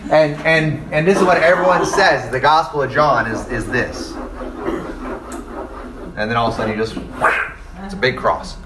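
A middle-aged man casually teaching a Bible study, animated and acting out quoted voices. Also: medium pitch, moderate pace, long pauses, noisy background.

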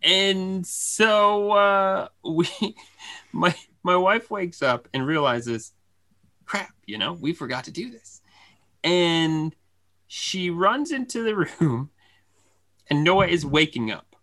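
Bright male storyteller, animated and laughing, casual podcast chat. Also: sits high, slow pace. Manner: animated, laughing often, acts out family voices.

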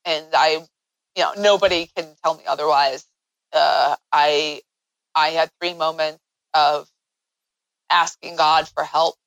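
A woman guest in an interview, telling a personal story in an earnest way that grows animated as she recounts events. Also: deep voice, measured pace, pauses often, no room sound, rough recording.

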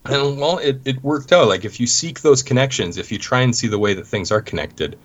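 A Canadian man, a guest in an interview, telling stories in a relaxed way with plenty of "you know" fillers. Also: medium pitch, brisk, dull audio. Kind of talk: casual interview talk.

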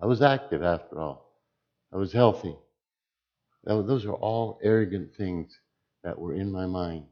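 A man with a very low voice gives a personal testimony in church. He talks slowly and with care, weighing each word. The recording sounds dull and slightly lo-fi. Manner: slow, deliberate speech. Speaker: church deacon.

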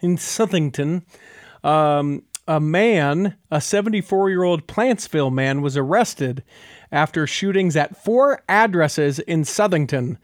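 A man hosting a chatty podcast, speaking a little higher than most men. The sound is close and dry, with no room around it. He reasons aloud step by step and fills his pauses with "uh" and "you know.". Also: no room sound. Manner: talks things through step by step, with many filler words. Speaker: podcast host. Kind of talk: casual podcast chat.

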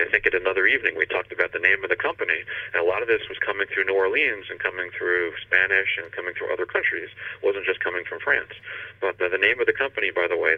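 A man hosting a history podcast, telling a story in a casual, animated way and acting out the quotes. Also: low voice, vocal fry, slightly rough, far from the mic, dull audio.

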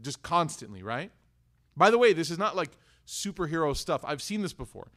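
A man in his young adulthood giving a religious talk, his voice sitting a bit high for a man. He speaks conversationally and slips into short acted dialogues as he tells stories. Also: big pitch swings, moderate pace, fairly bright tone. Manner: conversational, acts out dialogues in storytelling. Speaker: Islamic teacher.

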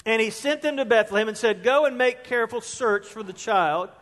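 High-voiced male pastor, emphatic sermon delivery, long church-hall reverb. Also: brisk, a bit bright. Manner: emphatic, rising to stress key words. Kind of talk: sermon with scripture reading. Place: church sanctuary.

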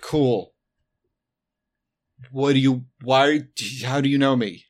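Slow-talking joking male player. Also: medium pitch, steady tone. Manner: joking, irreverent. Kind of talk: playing a tabletop game.

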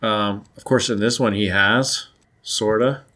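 Relaxed man chatting on a podcast. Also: fairly low pitch, measured pace. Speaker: podcast co-host. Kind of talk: casual conversation.

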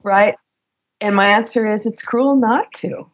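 A middle-aged woman, a guest in an interview, telling work stories in an animated way and laughing as she goes. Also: medium pitch, a little slow, dull audio. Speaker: guest, former HR executive. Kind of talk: conversational interview storytelling.

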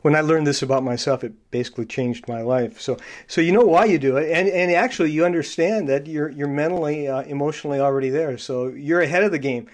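A male podcast host who explains personality traits in a coaching tone, with frequent fillers and restarts. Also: fairly high pitch. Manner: halting, many fillers and restarts. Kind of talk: casual interview.

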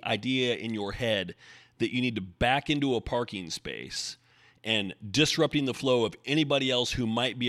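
Podcast host guy talking solo from home, mid pitch, blunt and sweary. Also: fairly bright tone, no room sound, studio quality. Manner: blunt, profane ranting.

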